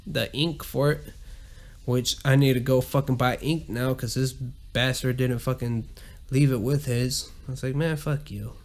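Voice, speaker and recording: A man's voice: mid-range voice, flat delivery, unhurried, a little mellow. A man with a Southern US accent, hosting a podcast and ranting profanely in a casual monologue. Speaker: podcast host.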